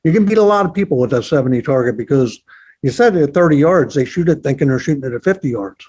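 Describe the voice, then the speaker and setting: Higher-voiced man thinking out loud. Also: lively intonation, fast, husky. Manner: thinks aloud, repeats words. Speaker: target setter, podcast guest. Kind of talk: casual conversation.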